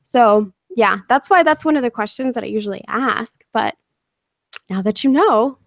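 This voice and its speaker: A woman hosting a casual online interview, teasing and laughing as she talks. Her voice sits a little high, with a gravelly fry and a dry close sound. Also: animated, moderate pace, no echo. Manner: playful, joking, laughs a lot. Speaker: interview host.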